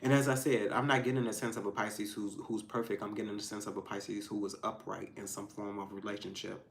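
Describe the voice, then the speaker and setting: A man's voice: level tone, fairly quick, creaky. Emphatic man giving a tarot reading. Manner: emphatic, swings between loud outbursts and low asides; frank and profane, addressing viewers directly. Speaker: tarot reader. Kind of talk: casual spoken tarot reading.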